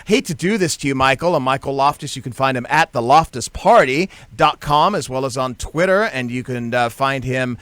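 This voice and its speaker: A man's voice: medium pitch, animated, moderate pace, hardly any pauses, a bit bright, no echo. A male radio talk show host interviewing a guest, easygoing with many fillers.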